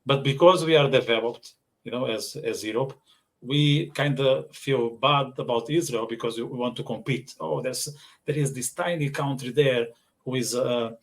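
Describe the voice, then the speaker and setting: A man's voice: medium pitch, moderate pace. Blunt, joking podcast host, man. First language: Portuguese. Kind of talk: casual podcast interview.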